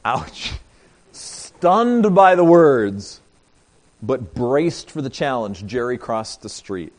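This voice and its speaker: A man preaches a sermon in an animated voice, his pitch ranging widely as he tells a story. His voice sits at a middle pitch. He swings between emphatic lines and quiet asides to the congregation. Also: slow. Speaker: pastor.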